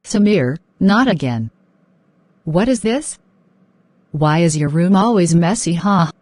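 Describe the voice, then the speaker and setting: A woman voicing a stressed mother who talks loudly to her teenage son, with faint background noise. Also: lowish voice, expressive, slow pace, no room sound. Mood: scolding. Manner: loud scolding, then apologetic.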